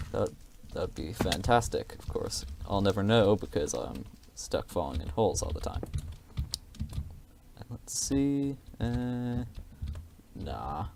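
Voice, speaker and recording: A man's voice: lowish voice, gravelly, warm tone, a little hiss or hum. A man giving casual, rambling gameplay commentary, hesitant and self-deprecating, with many fillers.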